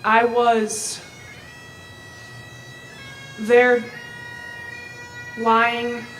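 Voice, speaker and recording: Woman telling her story slow and flat, somewhat high voice, music playing underneath. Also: rough recording. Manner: slow, halting, measured. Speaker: survivor giving testimony. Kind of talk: personal testimony.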